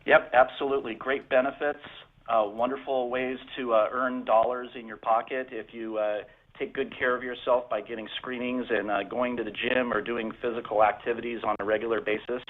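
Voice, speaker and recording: A man's voice: medium pitch, little pitch movement, fairly quick. A man calling in to a radio show as a health insurance representative, explaining things steadily with fillers. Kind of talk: phone-in radio interview. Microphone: telephone. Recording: tinny phone line.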